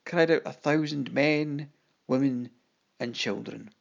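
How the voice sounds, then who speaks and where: An audiobook narrator giving a dramatic, expressive first-person reading and voicing the quoted lines. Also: mid-range voice, slow pace, vocal fry, dull audio.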